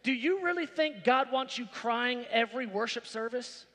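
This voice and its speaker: A man's voice: extremely high pitch, animated, moderate pace, few pauses, fairly bright tone. A man preaching a sermon as pastor, emphatic and repetitive, building to exclamations. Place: church sanctuary. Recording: reverberant church hall with background music.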